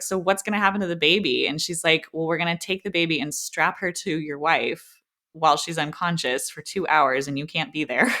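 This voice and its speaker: Deep yet bright, her voice has a forceful tone. She's a podcast co-host in her thirties sharing a personal story in a chatty way, peppering it with "like" and performing the back-and-forth dialogue herself.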